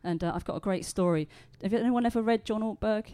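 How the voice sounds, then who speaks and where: A woman's voice: medium pitch, fast talker. A woman with a London accent preaching a chatty sermon and reading a story aloud to the congregation, with frequent "uh" and "um". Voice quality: conversational, warm storytelling delivery with filler words.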